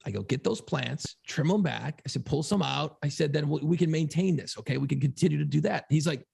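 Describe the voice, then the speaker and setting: Gravelly, profane man telling a story. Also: fairly high pitch, a little fast, hardly any pauses, darkish tone. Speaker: podcast co-host. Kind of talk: casual storytelling chat.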